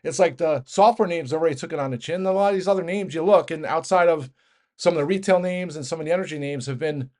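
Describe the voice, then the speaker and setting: A man giving a fast, rambling casual market rant as host, with many restarts and fillers. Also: fairly high pitch, darkish tone. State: out of breath. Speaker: market commentator.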